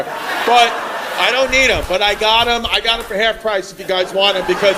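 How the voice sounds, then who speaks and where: A male stand-up comedian performing a brash set on a comedy club stage, shouting punchlines over a laughing crowd. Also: high voice, fairly quick. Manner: brash, loud bursts of shouting. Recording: live club recording with crowd noise.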